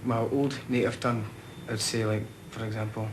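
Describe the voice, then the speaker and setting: A young man from the Scottish Highlands with a Scottish accent, a soldier chatting informally in an interview, using slang. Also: little pitch movement, normal speed, few pauses, a little hiss or hum, poor audio. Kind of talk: casual interview.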